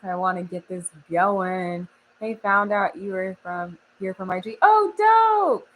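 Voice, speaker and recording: A woman's voice: lowish voice, level tone, a little slow, a bit bright, poor audio. A young woman from Oklahoma chatting casually on a live stream, laughing often and reading the chat aloud. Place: home studio.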